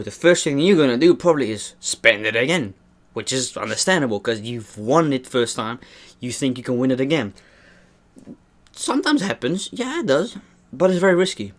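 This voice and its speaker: Rambling young man vlogging a meal. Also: mid-range voice. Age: young adult. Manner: rambling, earnest, keeps saying "man". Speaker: mukbang vlogger. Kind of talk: casual talk to camera while eating.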